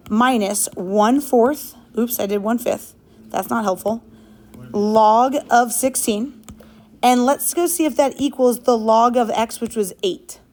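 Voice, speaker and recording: A woman's voice: a little high, a little mellow. Upbeat woman teaching a math class. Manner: upbeat, quick, calls out questions to students. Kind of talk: classroom lesson.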